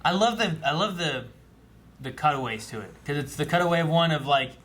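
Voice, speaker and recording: A man co-hosting a casual reaction chat, animated and acting out lines as he retells scenes. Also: fairly high pitch, brisk. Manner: animated, acts out quoted lines. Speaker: show co-host.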